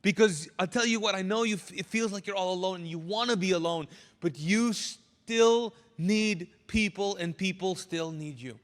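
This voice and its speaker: A man preaching a sermon as pastor, animated and drawing answers out of his congregation. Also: sits high, moderate pace, hardly any pauses, big-room sound. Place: church sanctuary.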